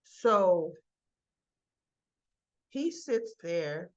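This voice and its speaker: A woman's voice: on the low side, very slow, muffled recording. Chatty woman recapping a soap. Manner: chatty, animated storytelling with asides. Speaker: soap opera recap vlogger. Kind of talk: casual recap of a TV episode.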